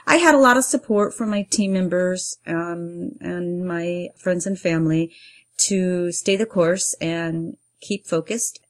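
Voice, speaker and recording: Woman, middle-aged, earnest, personal storytelling, lowish voice, lively quoted asides. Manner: earnest, animated when acting out quotes. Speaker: playwright and performer.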